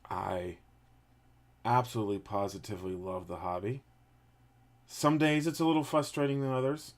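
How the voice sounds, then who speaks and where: A man's voice: fairly low pitch, moderate pace. A man casually chatting to his livestream viewers while painting a model, rambling with lots of fillers. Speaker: streamer painting a 3D print.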